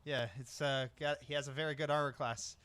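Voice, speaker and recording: A man's voice: fairly high pitch, fairly even intonation, brisk, fairly bright tone, smooth. A man narrating as game master of a tabletop game, playful and chuckling, on a desk mic.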